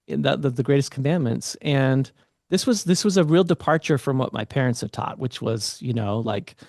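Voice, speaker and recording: Earnest male guest, mid-pitch, dry close recording, halting storyteller. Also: vocal fry, a little mellow, no echo. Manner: earnest, halting with many restarts. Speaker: guest, author and speaker. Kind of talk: storytelling in a podcast interview.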